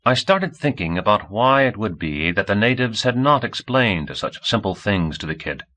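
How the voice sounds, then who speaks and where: A man narrating an audiobook in a steady, even reading voice. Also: lowish voice, normal speed, poor audio. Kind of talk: scripted narration.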